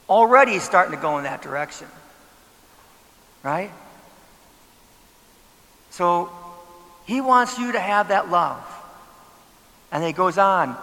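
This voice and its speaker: A man preaching a sermon as pastor, with a high, bright, gravelly voice. He talks in a conversational way and keeps asking the congregation rhetorical questions. Long church-hall reverb trails behind him. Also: lively intonation, takes it slowly, pauses often.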